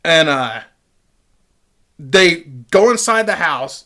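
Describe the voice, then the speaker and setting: A man's voice: a little high, animated, takes it slowly, sharp tone. A man casually telling a rambling, profane story straight to his webcam, with lots of fillers. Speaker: vlogger. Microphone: webcam picking up the mic closely.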